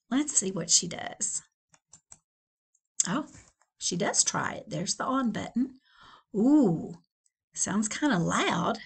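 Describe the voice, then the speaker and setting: A woman's voice: medium pitch, vocal fry, husky. A middle-aged woman, a school librarian, reading a children's novel aloud with chatty asides to young listeners.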